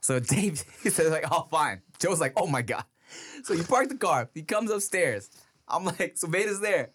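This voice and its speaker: A man in his thirties, a podcast co-host, telling animated stories about his toddler in casual chat. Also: moderate pace, slight background noise. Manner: animated storyteller, acts out his toddler in a high voice.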